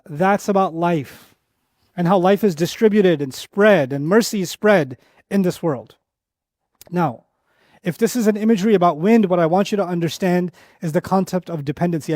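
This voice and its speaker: A man giving an Islamic lecture on Quran verses, telling an animated story, repeating phrases for emphasis and reciting Arabic verses quickly. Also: high-pitched, no echo, clean studio sound.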